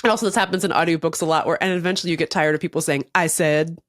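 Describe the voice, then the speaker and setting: A woman's voice: low voice, fairly even intonation, racing, dry recording, studio quality. A young adult woman from the Seattle area, co-hosting a podcast in casual chat and acting out quotes as she tells a story. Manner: chatty storyteller, acts out quotes. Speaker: podcast co-host.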